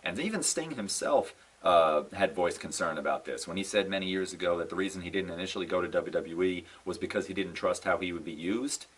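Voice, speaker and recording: A man's voice: sits low, a little fast, hardly any pauses, breathy edge, distant mic, poor audio. A young man giving a casual, exasperated rant to camera, sighing, repeating himself and stressing his letdown. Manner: exasperated, animated ranting with sighs and repeated "no"s. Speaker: wrestling fan vlogger. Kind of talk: casual ranting commentary.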